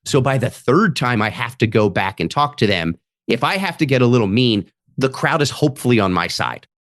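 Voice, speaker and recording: Animated comedian telling stories. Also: male voice, mid-range voice, fairly quick, no room sound, clean studio sound. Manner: animated, acts out audience members' voices in quotes. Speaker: comedian guest. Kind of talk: casual podcast storytelling.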